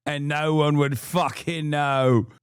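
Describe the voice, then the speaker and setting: A man putting on a mock British accent to play a shouting, swaggering far-right lad. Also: a little high, fairly even intonation, slow, smooth, dry recording, studio quality. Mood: rowdy. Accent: put-on British. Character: rowdy, loud-mouthed British far-right lad, male.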